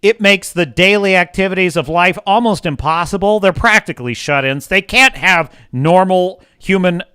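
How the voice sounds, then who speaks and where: A man's voice: high-pitched, sharp tone, smooth, no echo, clean studio sound. A man hosting a livestream, reading chat aloud and ranting sarcastically with frequent swearing. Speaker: livestream host. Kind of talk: casual chat reading live chat.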